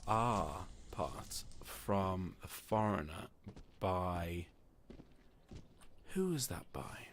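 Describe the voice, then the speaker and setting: A man sits alone in a room narrating a tabletop game as game master, his voice lowish. He talks in a casual, rambling manner, pausing often to ask himself things, with slight background noise present.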